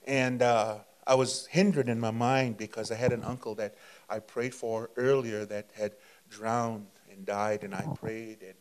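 A man preaching as a guest, telling a testimony in a fervent, halting way, with many fillers and repeated words. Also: fairly low pitch, fairly even intonation, clear, resonant tone. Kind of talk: testimony storytelling.

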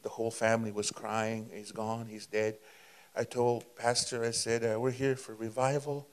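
A man preaching as a guest, telling a testimony in a fervent, halting way, with many fillers and repeated words. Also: lowish voice, little pitch movement. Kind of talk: testimony storytelling.

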